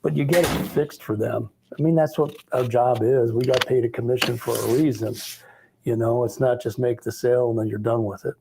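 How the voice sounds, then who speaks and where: A man's voice: mid-range voice, steady tone, brisk, vocal fry, noisy background. A man who works as an insurance agent, giving plainspoken, matter-of-fact advice in a casual chat.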